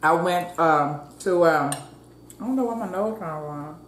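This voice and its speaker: A woman's voice: fairly low pitch, moderate pace, slight background noise. Chatty woman eating on camera, roomy echo. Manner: chatty, folksy, addresses viewers as y'all; murmurs while chewing. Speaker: mukbang host. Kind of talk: casual eating chat. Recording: roomy echo, faint ambience.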